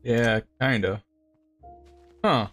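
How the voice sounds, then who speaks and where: Man explaining mod commands, relaxed. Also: mid-range voice, extremely slow. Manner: relaxed, explaining with restarts and chuckles. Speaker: developer of the game mod. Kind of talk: casual gaming chat on a stream. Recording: faint music behind.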